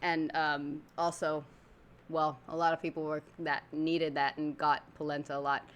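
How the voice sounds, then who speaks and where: A woman's voice: low-pitched, little pitch movement, moderate pace. A woman from Argentina giving chatty, laughing reaction commentary as a video host. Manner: chatty, laughing, thinking aloud.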